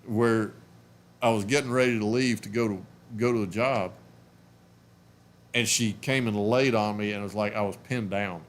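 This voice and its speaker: A man's voice: lowish voice, fairly even intonation, measured pace, long pauses. A man in his forties hosting a casual live stream from home on a webcam, rambling and chatty, sleepy and yawning. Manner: rambling, self-interrupting, chatty.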